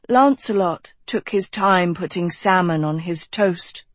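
An audiobook narrator reading a fantasy novel in a measured, unhurried storytelling manner. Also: mid-range voice, dry recording.

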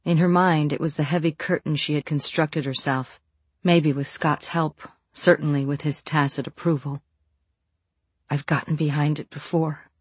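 An audiobook narrator reading a novel in an even, measured way. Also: medium pitch, slightly rough, no echo.

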